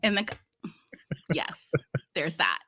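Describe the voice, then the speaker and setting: A bright, forceful-sounding woman with a Massachusetts accent, talking casually in an interview. She tells her stories with energy, laughing often and slipping into other people's voices. Her tone stays crisp and clear throughout. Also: sits low, takes it slowly. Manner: lively storyteller, laughs often, acts out quotes. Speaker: podcast host and guest.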